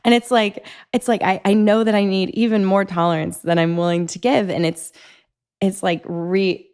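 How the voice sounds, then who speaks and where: A woman in her thirties hosting a podcast in her home kitchen, telling stories in an animated way with lots of filler words and laughing along. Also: mid-range voice, moderate pace, clear, resonant tone. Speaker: podcast host. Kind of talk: conversational podcast interview.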